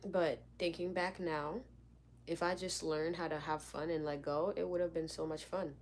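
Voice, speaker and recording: A young woman telling a story in a casual, animated way, acting out what people said. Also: low voice, normal speed, a little hiss or hum. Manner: animated, dramatic retelling with lots of "like". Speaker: vlogger.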